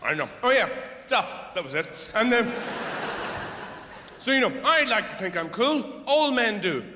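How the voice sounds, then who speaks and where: Un humoriste d'âge mûr, voix assez aiguë, ton exaspéré et décousu, dans une salle réverbérante pleine de bruit. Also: male voice, sits high, sing-song, unhurried, sharp tone. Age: middle-aged. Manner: rambling, profane, exasperated. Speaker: stand-up comedian. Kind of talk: live stand-up comedy. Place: theatre stage. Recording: echoey hall with crowd noise.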